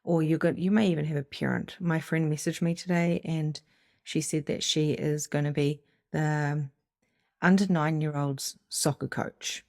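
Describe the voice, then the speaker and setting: Aussie coach lady, low gravelly voice, dry sound, swears a lot and acts out the voices in your head. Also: unhurried, no echo. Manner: animated, swears freely, acts out inner voices. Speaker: psychic medium and spiritual coach. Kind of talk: casual motivational talk to a live group.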